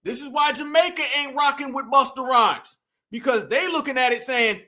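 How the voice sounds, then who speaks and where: A man hosting reaction commentary, animated and mocking, talking straight to his viewers. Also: very high-pitched, brisk. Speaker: commentary host.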